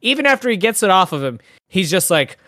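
Woman on a movie podcast, very lively voice, acts out scenes, swears, dry mic. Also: medium pitch, fast talker, dry recording. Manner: animated, acts out scenes, profane. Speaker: podcast co-host. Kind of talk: casual movie review chat.

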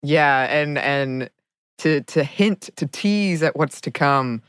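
An enthusiastic woman hosts a podcast with a playful, chatty manner. Her voice is very low for a woman and sounds dry, with no room around it. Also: takes it slowly, smooth, no echo. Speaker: podcast host. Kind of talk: casual podcast chat.

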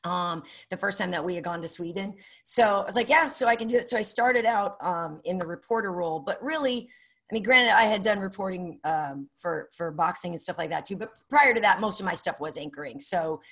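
Animated woman telling stories. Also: on the low side, brisk, breathy edge. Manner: animated, acts out quoted dialogue. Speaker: sports broadcaster, podcast guest. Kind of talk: casual interview storytelling.

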